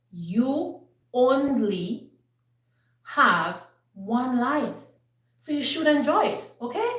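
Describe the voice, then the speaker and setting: A woman's voice: on the high side, distant mic. Preachy woman in an echoey room. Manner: earnest, preachy, animated. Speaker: homestead channel host giving Bible-based parenting advice. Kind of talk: casual talk.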